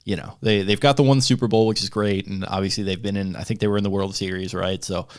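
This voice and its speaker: Young male co-host, low-pitched, dry close mic, easygoing rambler. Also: fairly even intonation, fast talker, no room sound. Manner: rambling, filler-heavy, easygoing. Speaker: podcast co-host. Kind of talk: casual sports chat.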